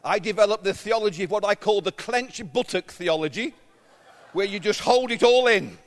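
English man, pastor, sermon in church, joking self-mocking stories, high voice, long hall echo. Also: moderate pace. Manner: humorous, self-mocking storytelling.

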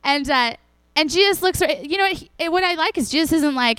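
At a moderate pace, a young woman preacher with a high-sitting voice gives a casual, talkative sermon, recorded with no echo. She's animated throughout, acting out the characters in her stories for the congregation.

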